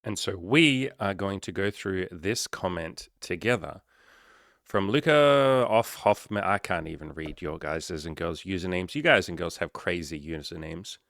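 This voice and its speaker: A man with a very low, deep voice talks through a casual solo podcast as a life coach. His delivery is loose, joking and peppered with swearing, wandering off into asides. The sound is dry and close, with no room around it. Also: animated, a little slow, fairly bright tone, dry recording.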